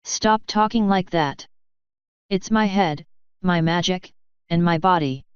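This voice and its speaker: Woman reader as a defiant young unicorn mare, slow and emphatic, very clear voice, storybook reading. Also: on the low side, no echo, dull audio. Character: young female unicorn scholar, angry and defiant.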